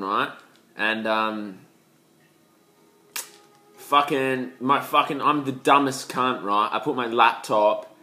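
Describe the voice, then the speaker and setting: A young man talks straight to camera in a loose, rambling vlog, swearing constantly and throwing in lots of slang. His voice has a bright, forceful edge that cuts through. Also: medium pitch. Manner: profane, rambling, slangy, animated. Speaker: vlogger.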